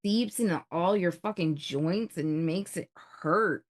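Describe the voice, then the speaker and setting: A woman's voice: on the low side, a little slow. Blunt, swearing woman co-host. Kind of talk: casual chat.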